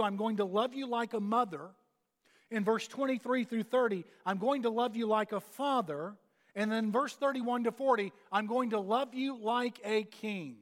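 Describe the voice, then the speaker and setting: A man preaching a sermon, pressing his points with repeated phrases and pauses. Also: extremely high pitch. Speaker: pastor. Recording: long hall reverb.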